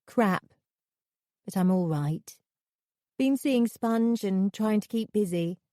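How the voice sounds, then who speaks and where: Woman voicing a younger sister, blunt, teasing, higher pitch, mellow tone, dry studio sound. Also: slow, no echo, natural voice. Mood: brusque. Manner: cheeky and brusque.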